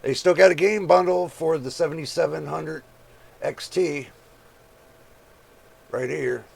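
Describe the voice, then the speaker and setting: Male channel host, very gravelly voice, casual price read-through with viewer asides. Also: fairly high pitch, measured pace, a little hiss or hum. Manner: reads prices aloud, chatty asides to viewers. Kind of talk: casual screen-share commentary.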